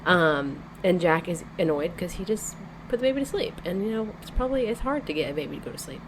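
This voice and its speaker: A woman's voice: fairly low pitch, animated, fast, background noise. A woman co-hosting a podcast, casually retelling a novel's plot in a chatty way, peppered with "like" and "you know.". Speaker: podcast co-host. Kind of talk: casual book-club chat retelling a plot.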